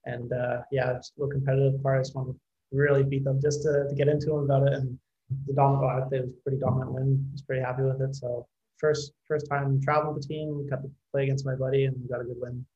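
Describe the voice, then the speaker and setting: A man's voice: mid-range voice, little pitch movement, fast talker, warm tone, lo-fi sound, a little hiss or hum. A man in a casual interview, a rugby player answering questions in a laid-back way and laughing easily.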